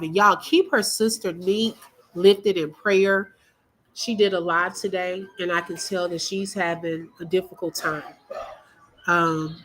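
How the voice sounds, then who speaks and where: A woman's voice: mid-range voice, a bit bright, low-quality recording. A middle-aged woman hosting a casual livestream, emotional as she talks straight to her viewers and reads their comments aloud. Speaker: livestream host.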